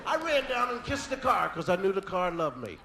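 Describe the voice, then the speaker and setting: A male comedian telling a story on stage into a stage mic, animated, with yelled sound effects. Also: sits high, a little fast, a little hiss or hum. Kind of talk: stand-up storytelling. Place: on stage at a live show.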